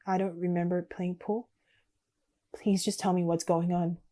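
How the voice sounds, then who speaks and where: A woman's voice: on the low side, little pitch movement, measured pace, warm tone, natural voice. A woman voicing a guarded young woman gang member in a text game, read aloud plainly. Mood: wary.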